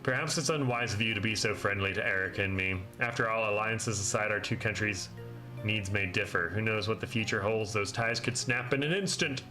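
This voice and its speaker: A man voicing a brooding young prince in a lowered, somber reading. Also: brisk, pushed and bright, faint music behind. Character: brooding young male prince, grave and gloomy.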